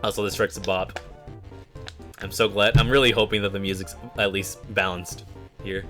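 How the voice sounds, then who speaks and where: A man's voice: lowish voice, fairly even intonation, normal speed, a bit bright, faint music behind. A man streaming a game, rambling casually with many fillers and reading game text aloud. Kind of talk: casual gameplay commentary.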